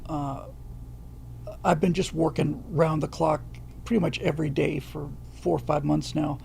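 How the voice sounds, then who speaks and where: Gravelly middle-aged man hosting a livestream. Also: on the high side, steady tone, darkish tone, slight background noise. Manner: halting, many fillers and restarts, reads viewer comments aloud. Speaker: livestream host answering viewer questions. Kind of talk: casual livestream chat.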